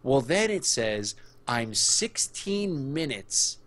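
A man's voice: medium pitch, very animated, slow, a bit bright. A man in his thirties, a podcast co-host, telling a story in rambling, self-correcting casual chat.

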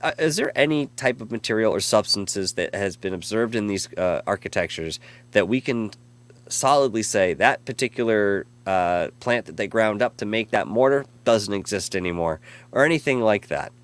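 A man's voice: on the low side, animated, normal speed. A man hosting a casual live stream, rambling and effusive as he reads out chat messages and thanks viewers. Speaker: live show host.

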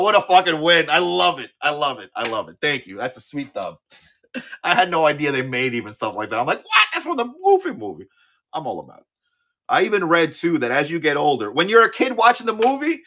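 A man in his thirties hosting a live-auction stream in casual chat, excitable, swearing freely and often repeating his words. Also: fairly high pitch. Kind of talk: casual livestream sales chat.

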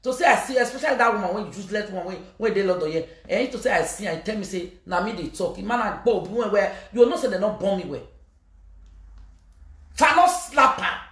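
Woman, Nigerian accent, emphatic scolding rant, vlog message, mid pitch, roomy echo. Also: fast, hardly any pauses. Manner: scolding, emphatic outbursts, switches into Pidgin. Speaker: social media personality addressing fans.

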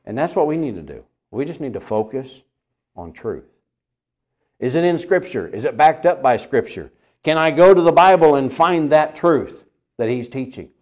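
Earnest preaching man, loud then hushed. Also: on the high side, animated, moderate pace. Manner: earnest, with rhetorical questions to listeners; moves between loud emphatic peaks and quiet hushed lines. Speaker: pastor. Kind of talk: sermon lesson.

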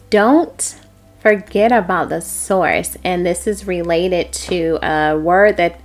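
A woman hosting a devotional prophetic message, speaking earnestly and dropping into soft, whispered prayer. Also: fairly low pitch. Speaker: host and prophetic teacher.

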